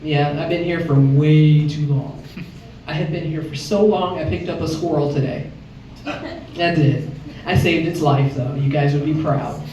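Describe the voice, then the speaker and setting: A woman's voice: steady tone, a little slow, mellow, highs cut off. A woman in her fifties from Chicago doing a brash stand-up set and acting out voices. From Chicago, Illinois. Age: 50s. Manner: brash, acts out voices with big pitch jumps. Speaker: stand-up comedian. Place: comedy club stage. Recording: echoey club from far off, faint noise. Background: audience laughter.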